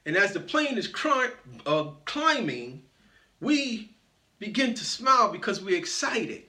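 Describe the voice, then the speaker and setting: High-voiced man telling a motivational story. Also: sing-song, a little slow, pushed and bright. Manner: playful, greets audience members by name. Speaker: motivational speaker. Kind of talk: storytelling speech to an audience.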